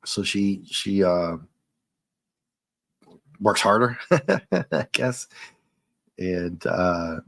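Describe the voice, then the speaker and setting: Chatty low-voiced man reviewing comics. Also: big pitch swings, very slow, creaky, pauses often, fairly bright tone, no echo. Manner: rambling and chatty, chuckles often. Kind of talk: casual comic review, reading along.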